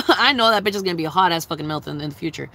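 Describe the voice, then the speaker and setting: A woman's voice: on the low side, lively intonation, fast talker, bright, forceful tone, a little hiss or hum, low-quality recording. A young woman chatting casually on a livestream, answering her chat in a blunt, profane, giggly way.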